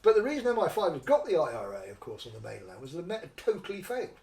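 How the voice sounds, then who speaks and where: Man, high and lively storyteller voice, slightly off-mic in an echoey room; good for an animated guest. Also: racing, far from the mic. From North East England. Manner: animated, acts out quoted voices. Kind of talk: conversational storytelling. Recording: roomy echo, somewhat off-mic.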